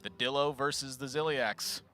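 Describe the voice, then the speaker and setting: A man's voice: mid-range voice, normal speed, over music. A man casting a live card-game match, chatty and playful, joking with his co-caster. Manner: chatty, playful, laughs often. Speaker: esports caster.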